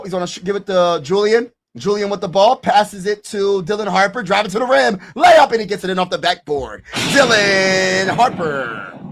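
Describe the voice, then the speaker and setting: A man streaming live play-by-play commentary on a basketball game, talking casually with slang, hyping his viewers and bursting into shouts at big plays. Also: sits high, slight background noise.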